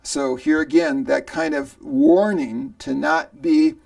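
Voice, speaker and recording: A man, a seminary professor, explaining a Bible passage verse by verse in a podcast lecture, slow and halting with many fillers. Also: fairly high pitch, lively intonation, creaky, darkish tone.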